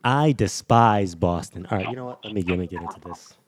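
Low-voiced, stammering man. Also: very fast, background noise. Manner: hesitant, stammering, dryly mock-serious. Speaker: podcast co-host. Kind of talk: casual chat.

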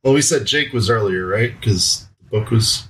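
A man's voice: fairly low pitch, moderate pace, a bit bright, poor audio. A man co-hosts a casual book podcast, reading passages aloud and chatting between them. He talks in an easygoing way and laughs often. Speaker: podcast co-host.

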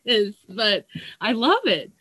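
A woman hosts a casual podcast chat, throwing in quick, blunt reactions and cussing freely. Her pitch swings up and down in a lively way. The sound is dry and close, with no room echo. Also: slightly rough. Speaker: podcast host.

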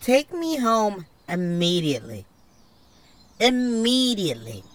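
Exasperated blunt woman, very lively pitch. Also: takes it slowly. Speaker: comedy sketch partner. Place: outdoors.

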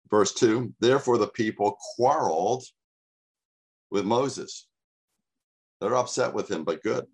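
A man with a somewhat low voice preaches a sermon. He walks through scripture in a loose, chatty way and often pauses on fillers. His tone is plain and unhurried. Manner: conversational preaching with frequent fillers. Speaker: pastor.

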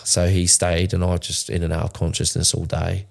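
A man's voice: low-pitched, completely flat delivery, moderate pace, creaky. A man, telling his own story in a candid, emotional podcast chat, swearing often and restarting his sentences. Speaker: podcast co-host.

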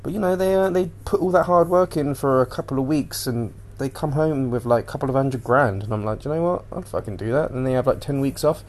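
A man's voice: mid-range voice, a little fast, hardly any pauses, darkish tone. A man hosting a casual solo podcast, rambling and swearing as he animatedly retells what he watched on TV. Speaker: podcast host.

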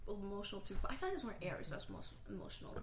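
A woman's voice: mid-range voice, huge pitch swings, very fast, roomy sound, crowd noise. A young woman co-hosting a podcast in casual chat, teasing and giggling as she talks. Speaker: podcast co-host.

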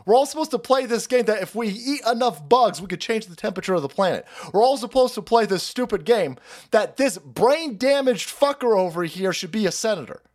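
Profane high-pitched ranting male streamer. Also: expressive, fairly quick. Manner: loud, profane, mocking, swings between shouts and mutters. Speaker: political stream host. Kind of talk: ranting live-stream commentary.

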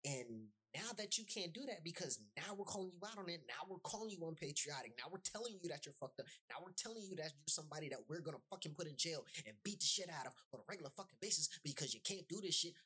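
A woman's voice: low voice, expressive, fast, hardly any pauses, sharp tone, breathy edge. Heated, foul-mouthed woman ranting. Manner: heated, blunt, heavy swearing, emphatic. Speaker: podcast host. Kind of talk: profane podcast rant.

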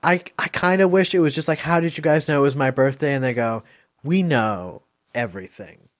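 A man's voice: a little high, fairly quick. A man hosting a casual podcast, rambling through favorite moments with lots of swearing, filler words and laughs. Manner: rambling, profane, laughs often. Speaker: podcast host reviewing a film.

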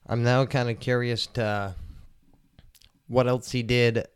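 A young man chats loosely on his own podcast, clearly high and in no hurry. His talk wanders, full of "like" and casual swearing. His voice sits at an ordinary pitch and comes through smooth and clean. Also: little pitch movement, takes it slowly. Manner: rambling, profane, laid-back, lots of "like" fillers. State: stoned. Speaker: podcast host. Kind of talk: casual solo podcast chat.

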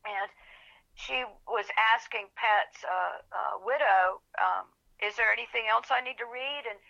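A woman author, telling her story in an interview with lively acted-out quotes. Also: on the high side, a little slow, creaky. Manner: animated storyteller, acts out quotes. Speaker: author guest. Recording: dull lo-fi phone-like audio.

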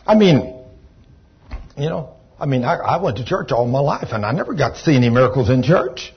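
A man preaching a storytelling sermon in a church, folksy and animated, sometimes rising to shouts of praise. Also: medium pitch, fairly quick, husky. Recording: dull lo-fi church recording.

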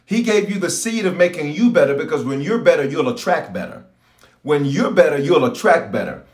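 A man's voice: fairly high pitch, animated, fairly quick, reverberant, slight background noise. A man who is a bishop, preaching and praying with fervent call-and-response and lots of repetition. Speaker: bishop and pastor.

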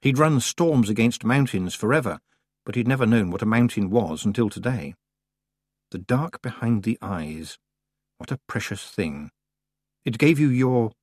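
Lively husky male audiobook narrator. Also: lowish voice, no echo, clean studio sound. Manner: expressive, playful storytelling.

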